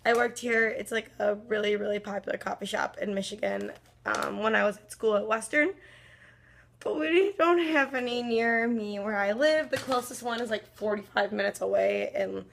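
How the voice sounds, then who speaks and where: A woman's voice: medium pitch, moderate pace, gravelly, fairly bright tone, a little hiss or hum. A young woman in her twenties vlogging at home in the morning, chatting in a rambling way full of fillers, with a groggy morning voice. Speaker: fitness vlogger. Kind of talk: casual morning vlog chat.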